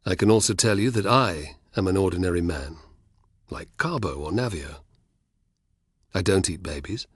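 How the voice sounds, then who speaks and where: A rebel leader speaks low and measured with quiet authority, as a male narrator voices him. His voice is slightly husky, and the storybook recording is dry and close. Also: no room sound. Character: calm commanding rebel leader, older man, friendly authority.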